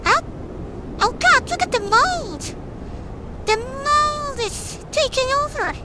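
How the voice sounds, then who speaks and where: A woman's voice: very high voice, expressive, slow pace, bright, forceful tone, slight background noise. A woman streamer chatting playfully and teasing as she plays a game. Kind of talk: casual gameplay commentary.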